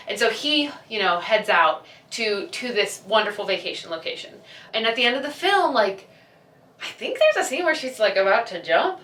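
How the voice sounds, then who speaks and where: Very animated at a moderate pace, a young woman vlogger chats casually and gushes, acting out characters' lines. Her bright, clear voice sits on the high side, and she's a bit far from the mic in a room with noticeable echo.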